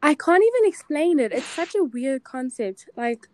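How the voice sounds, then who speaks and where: A woman's voice: sits high, big pitch swings, moderate pace. A young woman, co-hosting a podcast in casual chat, earnest and reflective, saying "like" often. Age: late teens. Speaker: podcast co-host.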